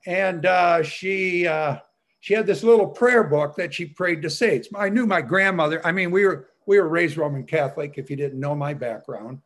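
A man's voice: on the high side, moderate pace, fairly bright tone. A man sharing a rambling personal testimony with fellow believers, chatty and full of "you know" fillers with frequent chuckles.

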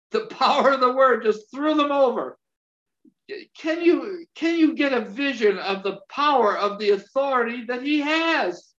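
A man preaching in a high voice, his delivery slow and halting, full of restarts and amens. The recording sounds dull and lo-fi. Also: a bit bright. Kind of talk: sermon.

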